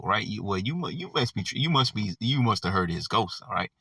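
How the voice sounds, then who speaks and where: A man's voice: on the low side, very animated, fairly quick, few pauses, sharp tone, husky, no echo, clean studio sound, recorded from a distance. A man teaching a Bible study in a casual, conversational way, peppered with fillers like "all right" and "you know". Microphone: audio only, not seen.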